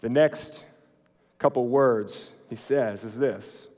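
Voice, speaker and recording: A man preaching a sermon in a conversational way, swinging between emphatic lines and quiet, slow, hushed ones. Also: mid-range voice, in a large hall. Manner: conversational, with fillers and restarts.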